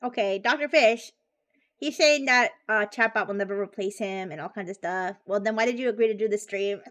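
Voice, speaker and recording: A woman's voice: mid-range voice, brisk, fairly bright tone. A woman streamer chatting casually and bubbly, with frequent giggles and restarts. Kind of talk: casual live-stream chat.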